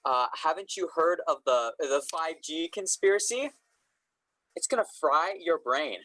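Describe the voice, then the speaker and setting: An actor playing a rebellious young adult in an amateur comedy sketch, with a sarcastic deadpan. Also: mid-range voice, unhurried. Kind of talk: amateur comedy sketch over video call.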